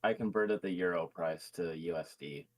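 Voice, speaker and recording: A man's voice: sits low, moderate pace. A man reacting on a live stream, blunt and outraged, swearing freely.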